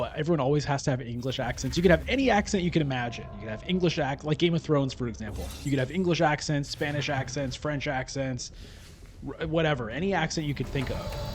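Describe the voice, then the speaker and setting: A man's voice: medium pitch, slight background noise. Man musing over a board game. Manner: thinking aloud, musing. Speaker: gameplay streamer. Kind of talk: casual gameplay commentary.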